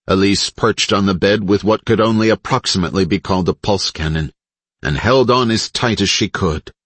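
A man reading an audiobook in a steady, dramatic narrating style on a close mic. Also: on the low side, normal speed, slightly rough, dry recording. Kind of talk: scripted narration.

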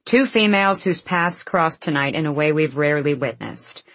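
A woman voicing an earnest, insistent male warrior in an audiobook, low and husky. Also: animated, normal speed, a bit bright, no room sound, exaggerated voice. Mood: urgent.

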